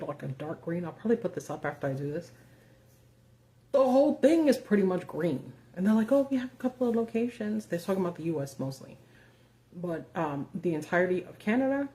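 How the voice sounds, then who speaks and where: Low, mellow-voiced woman in casual profane commentary. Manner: casual and profane, sarcastic asides, many fillers. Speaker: host of a live video. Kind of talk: casual live-stream commentary.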